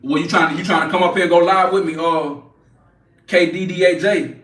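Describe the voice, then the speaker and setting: A brash, profane man in his forties hosts a casual livestream, mocking trolls in the chat. His high voice is brisk, a bit bright, and fairly even in intonation, picked up off-mic from a distance in an echoey room.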